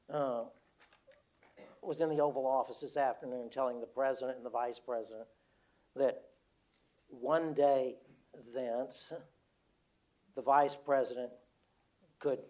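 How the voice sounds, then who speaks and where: An older retired man telling a personal story to an audience, halting and repeating words as he quotes others. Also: medium pitch, a little mellow. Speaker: speaker. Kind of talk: storytelling talk.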